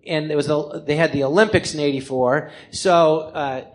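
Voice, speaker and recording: Animated American man telling comedy stories. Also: a little high, normal speed. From Los Angeles, California. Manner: animated, acts out quoted people in different voices. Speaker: comedian telling his life story. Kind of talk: live comedic storytelling. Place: live theatre stage before an audience.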